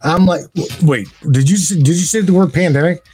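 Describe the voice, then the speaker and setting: A man's voice: on the high side, brisk, darkish tone, slight background noise. A man hosting a call-in show, talking in a fired-up, profane way and tripping over repeated words. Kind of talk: casual call-in chat.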